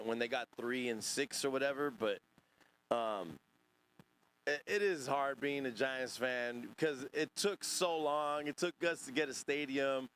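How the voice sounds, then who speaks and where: Male streamer host, loose and profane, rambling chat-reading delivery, average pitch, faint background noise. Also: fairly bright tone. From Northern California. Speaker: podcast host. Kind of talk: casual livestream chat reacting to chat.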